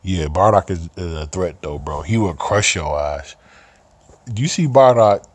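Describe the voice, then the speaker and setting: Casting: male game streamer, low-ish voice, loose profane chatter. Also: measured pace, dry recording. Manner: laid-back slangy, profane and laughing a lot. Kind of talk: casual live-stream chat.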